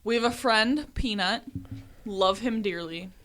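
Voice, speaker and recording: A woman's voice: medium pitch, a little slow, fairly bright tone. A woman with a Southern US accent co-hosting a podcast, telling funny stories with a laugh and casual swearing. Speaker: podcast co-host. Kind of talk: casual chat.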